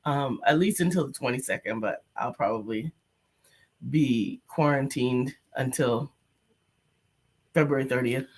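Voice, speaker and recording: A woman's voice: very deep voice, unhurried, pauses often, slightly rough. Upbeat, teasing woman co-host. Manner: upbeat, teasing, laughs often. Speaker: co-host of a motivational show. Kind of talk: casual chat.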